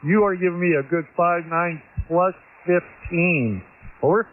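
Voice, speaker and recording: Calling in on ham radio, a man with a high voice chats casually, easygoing and joking, and says "by golly." He speaks a little slowly, and the transmission sounds tinny.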